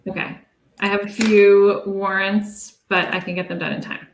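Woman, meeting chair, brisk procedural reader, echoey room on a video call. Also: medium pitch, a little hiss or hum. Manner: brisk, reads figures in a steady list. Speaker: committee chair.

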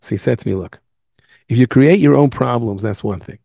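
A man's voice: medium pitch, brisk, vocal fry, dark tone, no room sound, studio quality. A man, a rabbi, giving a storytelling lecture over a video call, acting out the dialogue in his stories. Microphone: Zoom.

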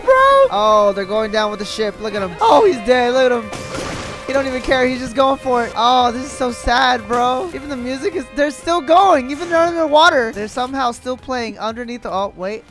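A young man giving slangy, excitable, trash-talking commentary while playing a video game. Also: sits high. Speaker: gaming YouTuber. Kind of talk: gameplay commentary. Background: game music.

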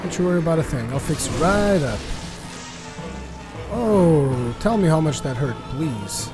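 A man doing joking, sarcastic gameplay commentary, getting excited during fights. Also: fairly high pitch, measured pace, music in the background. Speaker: let's play commentator.

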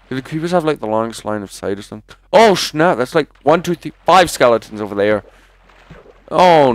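A man's voice: mid-range voice, vocal fry, dry recording. A man giving rambling live commentary while playing a video game, chatty and prone to jumpy exclamations. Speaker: gaming commentator. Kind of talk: live let's-play commentary.

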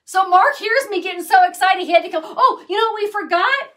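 A middle-aged woman with a high voice walks through a craft project in a casual, chatty way. She gushes and dotes on each little piece she makes. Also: brisk, fairly bright tone. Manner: gushing, chatty, doting on her crafts. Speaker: craft channel host.

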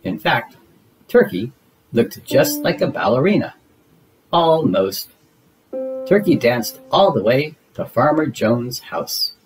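A man's voice: medium pitch, very animated, takes it slowly, pauses often. A man reading a children's storybook aloud expressively, with playful sound effects. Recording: guitar music behind.

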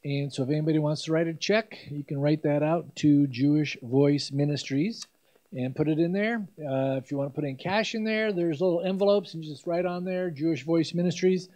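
Mellow-voiced pastor making announcements. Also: male voice, a little high, moderate pace, highs cut off. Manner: plain and practical, with fillers. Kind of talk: announcements to the congregation. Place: church sanctuary.

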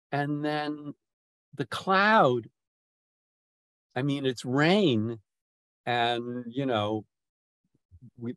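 Man leading a poetry group, unhurried, repeats himself as he thinks; dry close sound. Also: medium pitch, no echo. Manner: slow, restarting often, lingering over words. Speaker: poetry discussion leader. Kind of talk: thoughtful discussion, halting.

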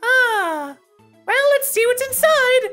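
Woman as a chirpy game clerk, very high and slow, sing-song and prim. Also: expressive, pushed and bright, soft background music, exaggerated voice. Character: chirpy female game shop and clinic staff.

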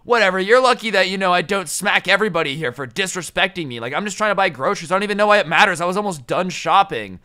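An entitled, confrontational young gym bro blusters in a raised, pushy voice, as a man puts him on. The tone is bright and sharp with a clean, crisp edge. Everything comes out as a challenge. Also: sits high, quick pace, hardly any pauses. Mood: belligerent.

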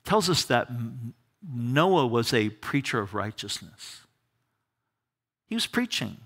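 Man, pastor, church sermon, bright forceful tone, animated delivery. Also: mid-range voice, takes it slowly, slightly rough. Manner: animated, repeats words when starting sentences. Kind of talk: verse-by-verse Bible study sermon. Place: church during a live service.

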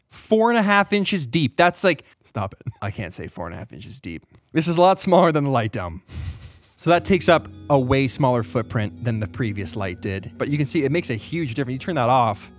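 A man giving a casual tour of his video studio gear on a boom mic, joking with animated asides. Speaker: YouTube creator.

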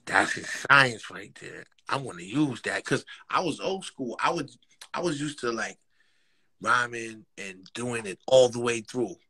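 A man with a New York accent tells stories in a casual interview, slangy and animated. His voice is husky but bright and forward. His pitch leaps up and down as he acts out what people said. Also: a little slow. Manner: animated street slang, acts out quotes, frequent laughs. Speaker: rapper, interview guest.

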